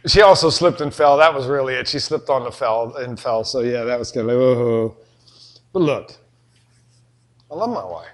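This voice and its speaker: A man's voice: medium pitch, expressive, normal speed. A middle-aged man, preaching a sermon in a folksy, joking storytelling way. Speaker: pastor.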